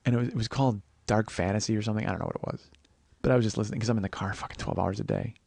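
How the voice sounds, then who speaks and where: A man's voice: on the low side, rapid-fire, vocal fry, darkish tone, no room sound. A man in his forties hosting a comedy podcast, ranting in a rambling, profane, self-mocking monologue. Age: 40s.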